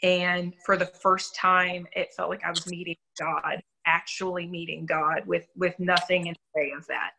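A woman's voice: fairly low pitch, flat delivery, normal speed, gravelly, hardly any pauses, noisy background. A young adult woman sharing her faith testimony in an interview, telling her story candidly and earnestly with self-deprecating humor.

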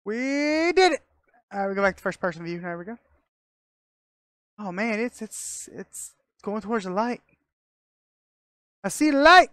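Woman gamer, casual and excitable self-talk over gameplay, medium pitch, dry close-miked sound. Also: measured pace, long pauses, dry recording. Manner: excitable, talks to herself, laughs often.

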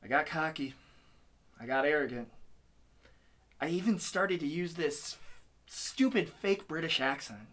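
An actor playing a self-pitying, dim-witted fallen pop star in a mockumentary interview, speaking flatly. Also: male voice, on the high side, a little slow, pauses often, soft background music. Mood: glum.

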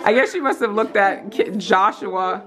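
A middle-aged woman, the mother of the family, calmly chatting and asking questions. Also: medium pitch, moderate pace. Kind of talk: casual chat.

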